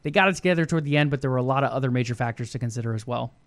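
Measured esports news co-host man. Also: medium pitch, dry recording. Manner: measured, explanatory, asks rhetorical questions. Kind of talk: casual esports news discussion.

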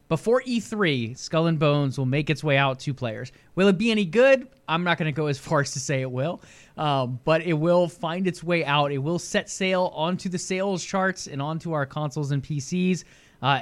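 A young man co-hosting a casual gaming podcast, chatty and speculative, thinking out loud. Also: a little high, lively intonation, moderate pace. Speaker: podcast co-host.

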